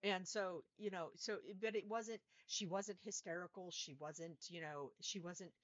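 A woman with a fairly low voice co-hosts a casual book chat and often drops wry, joking asides. The sound is dry and close, and the recording is dull and lo-fi. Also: a little slow, no room sound. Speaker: podcast co-host.

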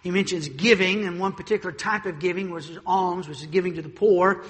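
A male pastor preaching a sermon in a church sanctuary, animated, repeating words as he builds a point. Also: high-pitched, fairly quick, long reverb tail.

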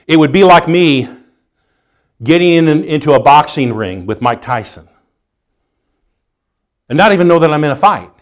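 A middle-aged male pastor preaching a sermon, acting out scenes with rising, near-shouting emphasis. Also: a little high, animated, normal speed, pauses often.

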